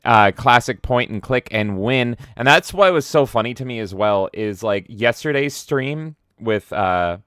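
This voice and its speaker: A man from Canada who hosts a game stream, chatting casually in a profane, excitable, rambling way. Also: mid-range voice, measured pace, few pauses, clear, resonant tone, no echo, studio quality. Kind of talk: casual livestream chat.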